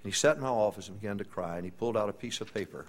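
A pastor preaching a sermon, telling a story in an earnest, folksy way. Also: male voice, lowish voice, racing. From East Texas.

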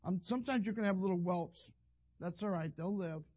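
A man's voice: sits high, brisk, a little mellow. An older man, a pastor telling a rambling, folksy story in a sermon. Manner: rambling, folksy, self-interrupting.

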